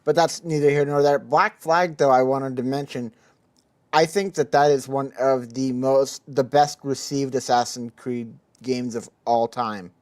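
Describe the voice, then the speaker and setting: A podcast co-host talks in an unhurried, hesitant way during a casual livestream. Laughs come in between phrases, and the speech is full of pauses. The voice sits at a middle pitch. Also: fairly even intonation, darkish tone.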